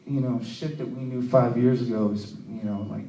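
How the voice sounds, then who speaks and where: A man's voice: mid-range voice, fairly even intonation, normal speed, dark tone, a little hiss or hum. A man doing open mic stand-up in a comedy club, rambling and swearing, with "you know" in almost every sentence. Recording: roomy club sound from a distant mic.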